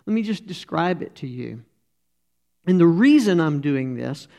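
A middle-aged man delivers a conversational sermon in a slightly high, gravelly voice. He talks in a halting way, stopping and restarting his sentences, and is often close to tears. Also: mellow, highs cut off. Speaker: church speaker. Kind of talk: informal sermon.

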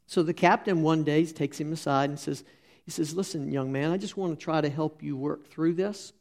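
A man's voice: a little high, moderate pace, vocal fry, darkish tone. A middle-aged man preaching a sermon, telling folksy stories with fillers and restarts. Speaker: pastor. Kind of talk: sermon with anecdotes.

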